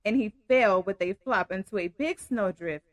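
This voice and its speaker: A woman storyteller reading a picture book aloud to children in an expressive, engaging way. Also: mid-range voice, moderate pace, dry recording. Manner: warm, expressive, addresses kids directly.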